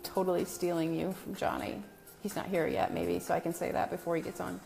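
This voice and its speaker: A woman's voice: on the low side, little pitch movement, a little fast, gravelly, a little mellow, soft background music. A woman hosting a casual live stream from her home, greeting viewers by name in a chatty, self-deprecating way. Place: new home with a brick wall, indoors.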